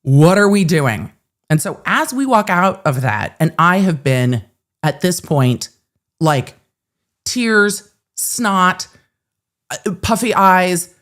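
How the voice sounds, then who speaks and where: Chatting casually on her livestream, this host shares a story from her own life, lively and self-mocking with the odd curse word. Her voice sits on the low side, and she speaks slowly with long pauses.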